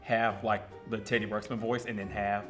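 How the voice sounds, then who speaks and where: A man in casual chat, jokey and animated, reminiscing about childhood toys. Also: lowish voice, moderate pace, music in the background. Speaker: panelist reacting to old ads.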